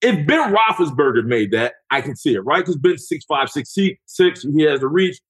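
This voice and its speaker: Husky man, ex-lineman, profane, lively storyteller; dry studio sound. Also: a little high, moderate pace, no room sound, rough recording. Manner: animated storyteller, profane, acts out voices. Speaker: podcast guest, former NFL lineman. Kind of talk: casual storytelling chat.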